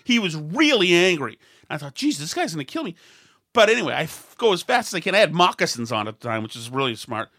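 A middle-aged man telling a rambling, self-mocking story in a casual chat, often restarting and acting out angry shouts. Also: fairly high pitch, big pitch swings, quick pace, dry recording, clean studio sound. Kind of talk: casual anecdote.

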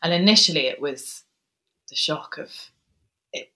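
Low-voiced woman, soft and halting. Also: lively intonation, poor audio. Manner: soft, hesitant, pausing with ums. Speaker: guest author. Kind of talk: reflective interview storytelling.

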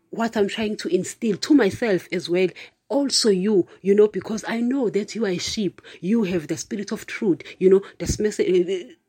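A preacher talks to online viewers in a loose, conversational way rather than a formal sermon. The speaker keeps turning to the listeners with "you know" and "guys", laughs often, and punches points with emphatic asides. The voice sits at a middle pitch. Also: dark tone, breathy edge. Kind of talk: casual spoken preaching to viewers.

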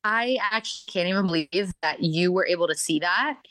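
A woman's voice: lowish voice, a little fast, no room sound. Chatty woman telling stories, dry sound. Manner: chatty, animated, many fillers like "like" and "um". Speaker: podcast guest, reality show contestant. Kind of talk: casual storytelling interview.

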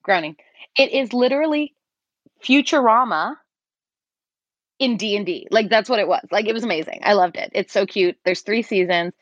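A woman's voice: mid-range voice, moderate pace, long pauses, no echo, highs cut off. A woman co-hosting a podcast, chatting in an upbeat, enthusiastic way and laughing easily. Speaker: podcast co-host. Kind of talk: casual chat.

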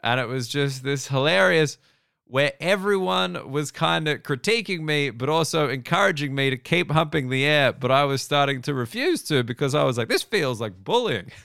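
A man's voice: on the high side, gravelly, pushed and bright, clear, resonant tone, no echo, clean studio sound. A man in his thirties with an Australian accent, telling rambling, profane, self-deprecating stories as a comedian hosting his own podcast. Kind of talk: casual comedic monologue.

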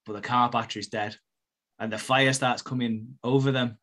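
A man with a bright voice, chatting loosely on a podcast. He retells the plot of a show with frequent laughs and a relaxed, joking delivery. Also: medium pitch, moderate pace. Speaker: podcast co-host recapping a TV episode. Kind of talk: casual chat.

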